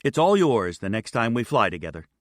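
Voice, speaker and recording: A man voicing a patient, steady female airline captain who speaks quietly and kindly. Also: mid-range voice, fairly quick, no echo, clean studio sound, natural voice. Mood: calm.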